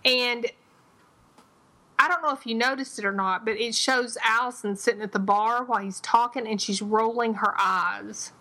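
Bright-voiced woman recapping a show. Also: on the high side, moderate pace, low-quality recording. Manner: animated, acts out quoted lines. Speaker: podcast co-host. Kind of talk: casual TV recap chat.

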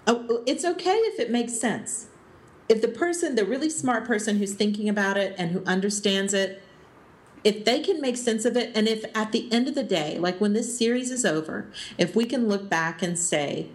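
A woman co-hosts a casual podcast chat about a TV series. She thinks aloud as she talks, filling pauses with ums and breaking into small laughs. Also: mid-range voice. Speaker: podcast co-host.

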